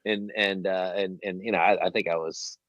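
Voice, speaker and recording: A man hosting an interview, telling a long story in a rambling, animated way and swearing freely. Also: sits low, moderate pace, dry recording. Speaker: host. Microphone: headset. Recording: dull lo-fi dry sound.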